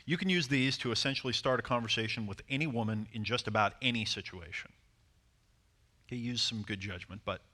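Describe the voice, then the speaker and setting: A man coaching a seminar audience on dating, animated and acting out short bits of dialogue. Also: mid-range voice, brisk. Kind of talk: seminar talk to a live audience.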